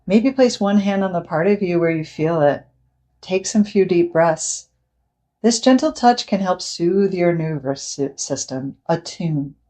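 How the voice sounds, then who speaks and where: Brief: woman therapist, measured explanatory delivery, lowish mellow voice. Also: lively intonation. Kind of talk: scripted educational talk.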